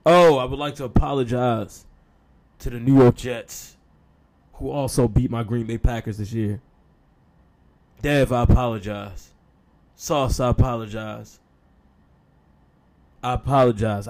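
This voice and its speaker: A man's voice: medium pitch, normal speed, pauses often, a little mellow. A man hosting a sports talk show, speaking casually with sarcastic, mock-apologetic humor and frequent y'all.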